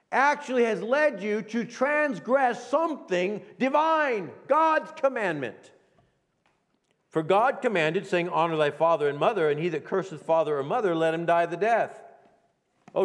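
A middle-aged male pastor preaching a sermon with emphasis, slowing down to read scripture aloud. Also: sits high. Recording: long reverb of a hall.

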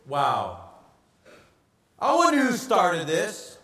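A pastor preaching a sermon, animated and asking the congregation rhetorical questions. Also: male voice, high-pitched, a little slow, pauses often, roomy sound, far from the mic.

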